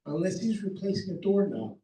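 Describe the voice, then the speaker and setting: Brisk and animated, this high-pitched middle-aged man with a dark tone is a contractor offering practical tips at a seminar. He speaks emphatically in numbered points, often checking in with "okay?", and the mic sits far off in a spacious hall.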